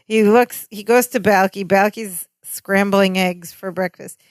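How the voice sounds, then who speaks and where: A woman's voice: medium pitch, steady tone, measured pace, no echo, studio quality. A woman co-hosting a podcast, chatting casually and retelling scenes with quoted dialogue. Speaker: podcast co-host. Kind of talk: casual recap chat.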